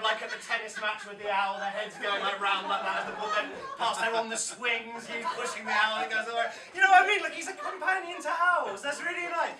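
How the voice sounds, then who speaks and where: A man's voice: extremely high pitch, recorded from a distance. A man in his thirties from South-West England, performing an anxious, rambling, self-interrupting poetry set in a pub, often laughing at himself. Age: 30s. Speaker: poet performing a live set. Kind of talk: rambling stand-up poetry patter. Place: pub stage before a live audience. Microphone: stage microphone, often off-mic. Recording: echoey pub room from afar, crowd.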